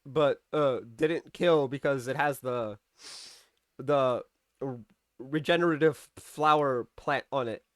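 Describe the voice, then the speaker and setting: A man's voice: medium pitch, slow pace, a bit bright, dry recording, studio quality. A man giving a casual, rambling review of a TV episode. He uses lots of fillers and restarts and acts out the characters' lines as he recaps.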